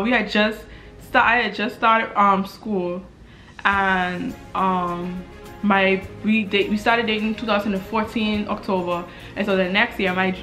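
A woman's voice: mid-range voice, bright, forceful tone. A woman in her twenties from the Bahamas, chatting casually to the camera as a vlogger, telling a story and often repeating her words.

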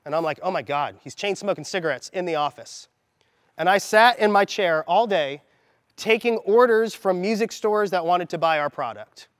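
A man in his thirties speaks as a motivational mindset coach to a gathered group, his voice sitting in a noticeably high register. He tells the story with energy and acts out the lines he quotes. The sound is close and dry up front, with a long reverb from the large hall trailing behind. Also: moderate pace.

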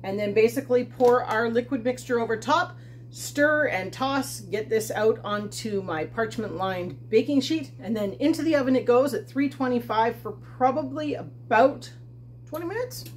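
A woman with a slightly high voice speaks at normal speed over slight background noise. Hosting her homesteading channel, she chats through a recipe in her home kitchen, talking while cooking and joking at her own expense.

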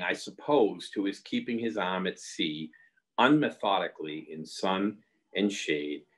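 Deep-voiced man reading a novel aloud. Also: rough recording. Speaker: reader.

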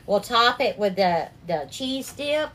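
A woman hosting a live cooking stream, warmly greeting viewers by name and calling them darling and sweetheart. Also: fairly high pitch, animated, slow. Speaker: cooking livestream host.

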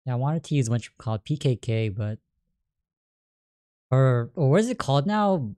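Low-voiced excitable woman gaming streamer. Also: moderate pace, no room sound, clean studio sound. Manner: chatty, bursts into excited yelps during fights. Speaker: streamer playing a fighting game. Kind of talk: live gameplay commentary.

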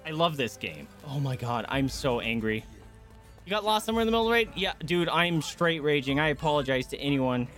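A man's voice: fairly high pitch, animated, brisk, fairly bright tone. A male streamer giving live gameplay commentary, ranting and swearing in frustration. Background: faint game music.

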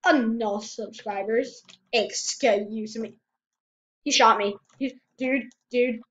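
Excitable high-voiced woman gamer, lo-fi. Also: slow. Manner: excitable, exclaims and repeats herself. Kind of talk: casual gameplay commentary. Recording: dull lo-fi home mic.

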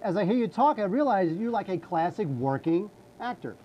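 Playful host with lively lo-fi voice. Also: male voice, sits high, normal speed, a crowd in the background. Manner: playful, interrupting, hyping. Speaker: podcast host. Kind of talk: casual podcast chat.

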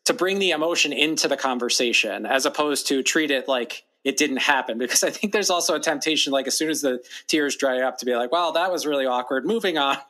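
A man with an ordinary mid-pitched voice, talking through advice in a measured, slightly hedging way. He often slips into sample dialogue to show how he would handle a moment. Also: bright, forceful tone. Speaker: podcast co-host. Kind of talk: thoughtful conversational advice.

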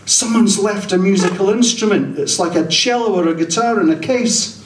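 A man's voice: sits high, moderate pace, slight background noise, voice pushed up, close to an everyday voice. A man putting on a fretful fussy train passenger. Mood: excited. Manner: fretful, literal-minded questioning. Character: anxious fussy middle-aged male train passenger. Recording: roomy live hall from far off.

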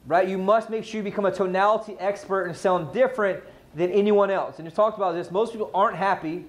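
A man leads a live sales training session and keeps firing questions at his audience. His voice sits high for a man, and he delivers with driving, energetic emphasis. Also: fast talker.

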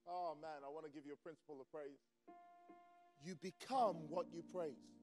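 A man preaching a fervent sermon in a church service, swinging from quiet asides to shouted declarations. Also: fairly high pitch, fairly even intonation, moderate pace, soft background music. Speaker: pastor.

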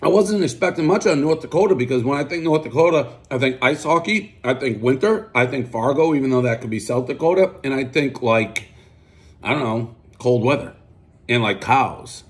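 A man's voice: medium pitch, lively intonation, moderate pace. A man hosting a pizza review outdoors, ranting combatively, swearing constantly and boasting about himself.

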